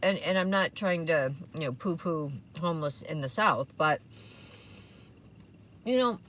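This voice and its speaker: Podcast co-host, woman with a lower voice, meandering chatter recorded in a car with some background noise. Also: lively intonation, measured pace, fairly bright tone. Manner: rambling, many fillers and restarts. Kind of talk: casual chat.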